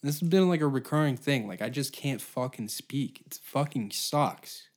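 A man's voice: mid-range voice, lively intonation, normal speed. A man hosting his own podcast, ranting sarcastically with heavy swearing, frequent stutters and restarts. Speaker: podcast host. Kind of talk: casual solo podcast rant.

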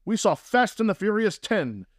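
A man with a high voice co-hosts a sketch-style comedy podcast. He delivers absurd jokes with a deadpan touch. The sound is close and dry, with no room around it. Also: moderate pace, dry recording.

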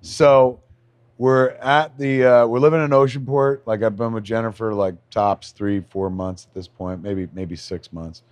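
A man co-hosting a podcast, casually telling stories with lots of swearing and excited bursts. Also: on the low side, unhurried, clear, resonant tone, dry recording. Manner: profane, excitable storyteller. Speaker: podcast co-host. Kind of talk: casual chat, storytelling.

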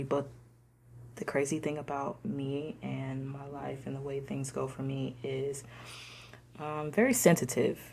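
Low husky creaky-voiced young woman. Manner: slangy, conversational, drops into soft whispers. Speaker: discussion participant. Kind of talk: casual personal storytelling.

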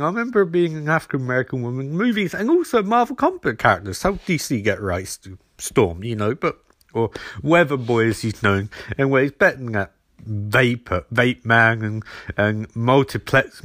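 A man's voice: medium pitch, very animated, normal speed, fairly bright tone, no room sound, studio quality. A man casually recapping a TV episode as a podcast host, rambling and acting out quoted lines.

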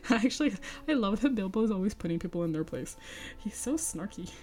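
A woman podcast host reads a book aloud at a middle pitch, then breaks off for chatty, enthusiastic asides peppered with fillers. Soft music sits faintly behind her voice. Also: lively intonation, measured pace, pauses often. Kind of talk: book reading with casual commentary.

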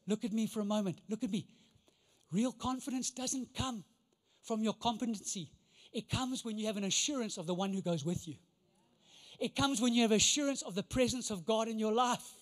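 High-voiced man preaching in a hall. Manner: emphatic preaching with rhetorical questions. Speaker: pastor. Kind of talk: sermon. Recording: long reverb of a large hall.

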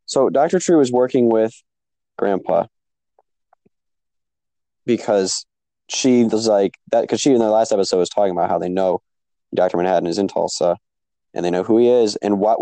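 A man with a very deep, gravelly voice and a dark, mellow tone talks through theories in a relaxed way. The sound is dry and close. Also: normal speed, pauses often, no room sound, low-quality recording. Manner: relaxed, speculative, profane. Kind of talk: casual chat.

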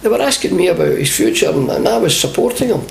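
An older Scottish man, a former football manager, telling lively anecdotes in an interview and acting out the voices of the people in them. The sound is an echoey room with faint hiss. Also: high voice, fast, creaky. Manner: animated storyteller, acts out quoted voices.

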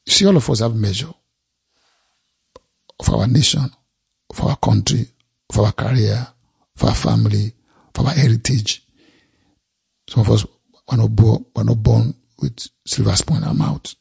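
A man's voice: on the low side, normal speed, gravelly, long pauses, darkish tone, slightly rough. A man preaching a sermon, reading scripture aloud and expounding it, repeating phrases for emphasis.

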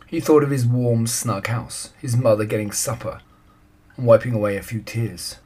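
Husky-voiced man reading a kids' story. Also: mid-range voice, normal speed, darkish tone. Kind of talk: children's story read aloud.

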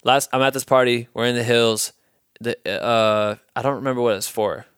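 A young man from Iowa hosts his own podcast, spinning a loose, rambling story full of swearing. His voice is smooth and clean, recorded dry and close with no room around it. His pitch sits in an ordinary male middle range. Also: moderate pace, no room sound. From Iowa, USA. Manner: profane, rambling, loose and animated. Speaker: podcast host. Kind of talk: casual storytelling monologue.

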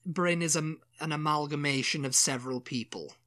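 A speaker in casual chat about a TV show, relaxed, often ending with "you know?" and slipping into voicing other people. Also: mid-range voice, normal speed.

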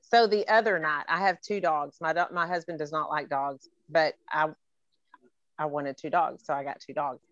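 A playful middle-aged woman hosting a podcast, chatting in a lower-pitched voice and laughing as she teases her guest. The sound is dry and a little dull, like a remote call. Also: fairly even intonation, normal speed, fairly bright tone, no room sound. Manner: playful, teasing, laughs often. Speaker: podcast host. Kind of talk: casual podcast chat.

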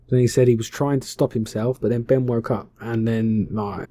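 A man's voice: medium pitch, steady tone, normal speed, hardly any pauses, dark tone, no room sound. A man casually retelling a film plot, offhand, slangy and full of swearing. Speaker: film recapper. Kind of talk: casual comic film recap.

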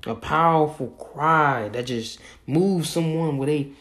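A man's voice: a little high, slow, fairly bright tone. A man giving impassioned spoken commentary, repeating his points in a preacher-like cadence. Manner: repetitive, emphatic, preacher-like cadence.

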